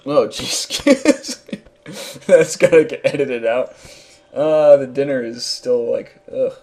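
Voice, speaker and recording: A man's voice: medium pitch, lively intonation, slow, darkish tone. A young man hosting a let's play, giving rambling, casual commentary full of fillers. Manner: rambling, laughing, filler-heavy.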